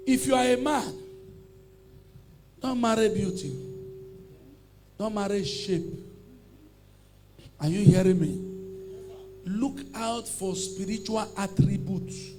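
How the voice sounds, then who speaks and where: A man preaching and praying, who swings from loud fiery chanted commands to low murmured teaching and repeats phrases in long chants. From Nigeria. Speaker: pastor. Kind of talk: sermon.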